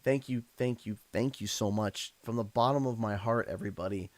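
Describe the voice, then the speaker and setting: A man's voice: lowish voice, brisk, dry recording. A man from Canada chatting on a live stream, emotional and effusive, often stammering and repeating himself. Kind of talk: casual live-stream chat.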